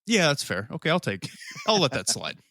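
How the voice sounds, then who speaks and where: Bright voiced guy cohosting a podcast, goofing around, dry mic. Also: a little high, fairly quick, dry recording. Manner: joking, animated. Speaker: podcast co-host. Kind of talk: casual chat.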